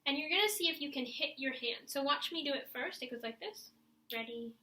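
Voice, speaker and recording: Bright, high-voiced woman teaching breathing. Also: lively intonation, fairly quick, reverberant. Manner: encouraging, demonstrates breaths and sighs. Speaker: music teacher. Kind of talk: instructional video for young students.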